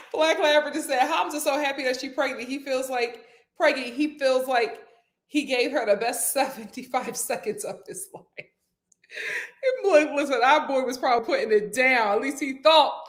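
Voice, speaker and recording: A woman's voice: sits high, moderate pace. A woman hosting a casual live stream from home, chatting and reading viewer comments aloud.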